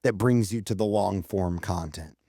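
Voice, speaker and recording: A male podcast co-host on a relaxed marketing show swears freely while bluntly and emphatically listing numbered tips. He has a deep, mellow voice at normal speed, captured in clean, dry studio sound.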